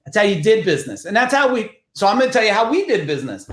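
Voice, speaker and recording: A middle-aged man from New Jersey with a New Jersey accent, a podcast guest telling business stories in a blunt, profane, animated way. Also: high voice, fast, roomy sound. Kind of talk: casual podcast storytelling.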